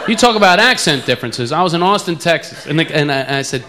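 A man's voice: a little high, expressive, fast talker, hardly any pauses. A man with an East Coast accent doing a stand-up routine, joking about his own accent. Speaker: stand-up comedian. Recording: loud laughing crowd, noisy club.

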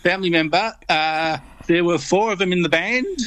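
A man's voice: high-pitched, normal speed, fairly bright tone, no echo. Easygoing male radio guest, dry sound. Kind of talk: casual chat.

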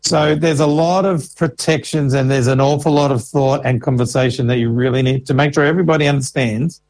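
A man with a middle-pitched voice explains rules in an interview. He is patient and methodical and walks through each case with examples. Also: fairly even intonation, a little fast, darkish tone, poor audio. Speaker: Services Australia financial information officer.

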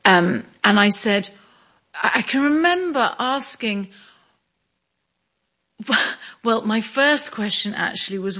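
Slow, measured middle-aged woman. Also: medium pitch, fairly bright tone. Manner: slow, measured storytelling with small restarts. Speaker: interviewee. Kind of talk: reflective interview.

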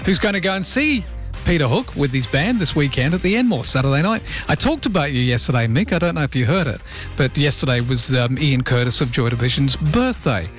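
A man's voice: fairly high pitch, lively intonation, fairly quick, soft background music. A man with an Australian accent hosting early-morning radio, chatting about listener texts and reading the papers. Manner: chatty, self-deprecating, reads listener texts. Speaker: radio host. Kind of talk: early-morning radio chat and news read.

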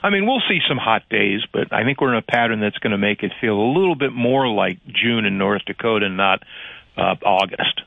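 A man from Cajun Louisiana giving a relaxed, conversational weather forecast on a radio show. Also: on the low side, brisk, gravelly, no room sound. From Cajun part of Louisiana. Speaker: radio meteorologist. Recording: tinny phone line.

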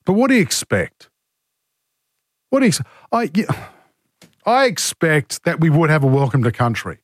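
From a studio-quality radio booth with no room sound, a man with an Australian accent and a cold hosts talkback. His high-leaning voice is very animated at a moderate pace as he reads listener texts and gives blunt, indignant opinions.

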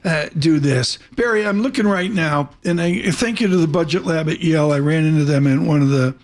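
A man's voice: on the high side, a little fast. A man hosting a live broadcast, chatty and rambling. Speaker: show host.

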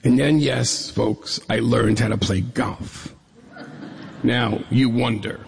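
A man's voice: mid-range voice, vocal fry, a little hiss or hum. A middle-aged man from New York State telling a humorous personal story on stage, acting out the dialogue. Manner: humorous, lively storyteller who acts out dialogue. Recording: echoey hall reverb.

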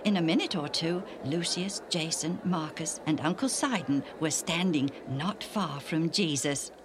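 A woman reading a children's Bible story in a gentle, measured way. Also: sits low, noisy background. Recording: music playing underneath.

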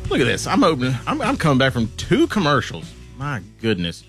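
A man co-hosting a casual radio talk show, joking and animated. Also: mid-range voice, faint music behind. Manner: joking, animated, quick asides. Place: radio studio.

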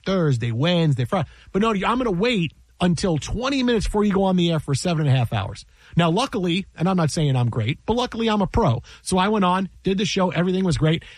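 A man's voice: high-pitched, darkish tone, breathy edge, no room sound. A man who works in sports broadcasting tells a story in casual chat, exasperated, repeating himself and acting out what people said.

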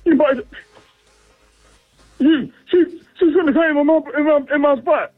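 A man's voice: very high-pitched, unhurried, soft background music. A man voicing an indignant male mutt dog calling in on a tinny phone line, aggrieved and stammering.

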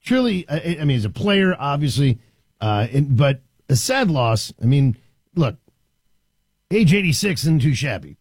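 A man hosting a talk radio show from a studio, delivering an animated, emphatic monologue with frequent restarts. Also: fairly high pitch, measured pace, slightly rough, no echo.

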